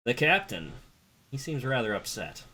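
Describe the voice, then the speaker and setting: A man's voice: mid-range voice, very animated, moderate pace, sharp tone. A man running a tabletop game as game master, casually narrating combat and counting out moves.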